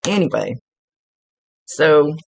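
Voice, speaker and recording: A woman's voice: deep voice, very animated, takes it slowly, vocal fry, a little mellow, husky, dry recording. A woman working as a psychic medium, talking through a casual one-on-one reading in a chatty, rambling way, often restarting her sentences.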